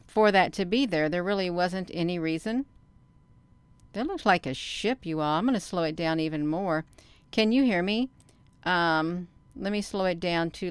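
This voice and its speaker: Showing her own sky footage, a vlogger talks casually to viewers, addressing them as "you all." Her low, very smooth, resonant voice moves at a moderate pace, rambling with frequent fillers, stops, and restarts. The sound is dry and close, with no room sound.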